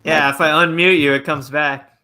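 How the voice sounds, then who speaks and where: A man's voice: fairly high pitch, fairly even intonation, moderate pace, noisy background. A man hosting a podcast, chatting casually over a video call and laughing often. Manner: laughs often, banters loosely. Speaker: podcast host.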